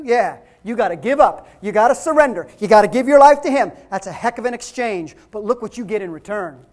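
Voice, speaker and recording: A woman pastor giving a conversational sermon, asking the congregation questions and building to shouted emphasis. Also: fairly high pitch, animated, a little fast, few pauses. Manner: conversational preaching with rhetorical questions, rising to shouts.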